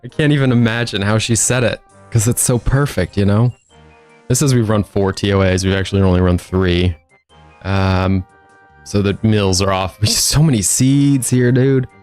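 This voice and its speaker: A man's voice: on the low side, fairly even intonation, moderate pace, darkish tone, clear, resonant tone, faint music behind. A man casually commenting on his own gameplay as a streamer, wry and chatty, talking to himself and his viewers. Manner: wry, talks to himself and chat, laughs often.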